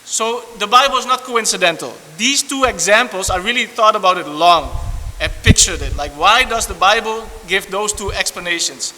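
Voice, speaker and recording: A man preaching a sermon, animated and repetitive, restarting phrases and breaking into asides. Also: sits high, normal speed. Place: church hall. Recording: long church reverb, faint hiss.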